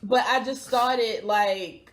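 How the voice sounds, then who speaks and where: A woman from Baltimore hosts a vlog, chatting casually to camera, cursing freely and speaking straight to her viewers. Her voice sits on the high side and she talks at a slow pace.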